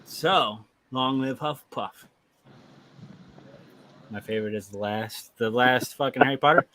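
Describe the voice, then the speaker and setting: A man in his thirties hosting a livestream, telling stories in casual chat with lots of swearing and animated energy. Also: mid-range voice, a little slow, slight background noise. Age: 30s. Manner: profane, animated storytelling. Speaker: livestream host.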